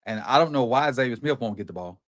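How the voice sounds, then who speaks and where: A middle-aged man hosting a watch party, calling plays live with excited, slangy reactions. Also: medium pitch, quick pace. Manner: excited, animated play-by-play reactions with Southern slang. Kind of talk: live football watch-along commentary.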